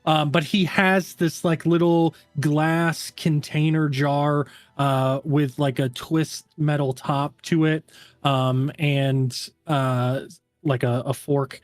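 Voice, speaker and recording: A man's voice: on the high side, flat delivery, slow pace, dry recording, faint music behind. Casual man narrating as game master. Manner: casual, filler-heavy narration with many "um" and "like".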